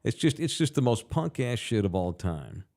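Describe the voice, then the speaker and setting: A man co-hosting a casual podcast, talking in an animated, swearing, excitable way. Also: mid-range voice, moderate pace. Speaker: podcast co-host.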